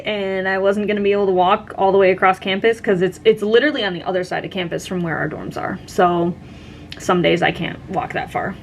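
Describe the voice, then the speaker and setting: A young woman talks through a personal story in a loose, chatty way, with plenty of "like" and "um" along the way. Her pitch sits in the middle, and a faint hiss of noise runs under the recording. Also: steady tone, a little fast. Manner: chatty, lots of "like" and "um". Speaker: vlogger telling a story. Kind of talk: casual storytime chat.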